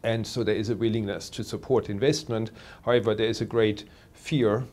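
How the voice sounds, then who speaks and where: A man working as a telecoms analyst, answering interview questions in a measured way with many pauses and fillers. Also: fairly low pitch, fairly even intonation, a little mellow.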